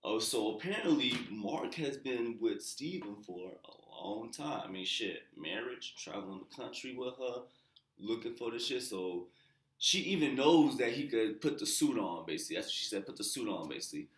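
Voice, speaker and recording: A man casually recapping a TV episode as a channel host, slangy and loose, with profane asides and quiet muttered side comments. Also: medium pitch, lively intonation, moderate pace. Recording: roomy echo.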